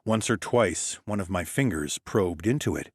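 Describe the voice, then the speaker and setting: Deep-voiced male audiobook narrator. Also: expressive, moderate pace, husky, no echo, clean studio sound. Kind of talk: first-person scripted narration.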